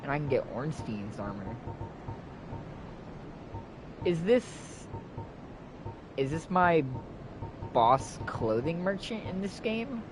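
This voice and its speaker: A young man giving casual gameplay commentary, excitable and swearing freely as he thinks out loud. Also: a little high, slow, pauses often. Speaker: game streamer. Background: game music.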